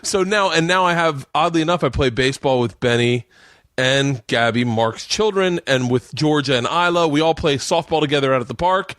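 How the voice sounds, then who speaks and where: A man's voice: a little high, moderate pace, a bit bright, no echo, clean studio sound. A man in his forties hosting a podcast, telling a story in casual chat and acting out quotes with raised voices. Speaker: podcast host.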